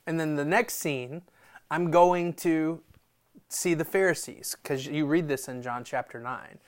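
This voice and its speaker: A pastor with a fairly high voice preaches at a measured pace, keeping his sermon loose and conversational. He tells stories, voices quotes and laughs along the way.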